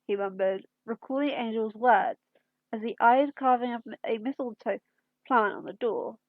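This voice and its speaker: A woman reading a fan story aloud in an unhurried storytelling manner, with occasional slips. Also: on the high side, no room sound, narrow, tinny audio. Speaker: fanfiction reader.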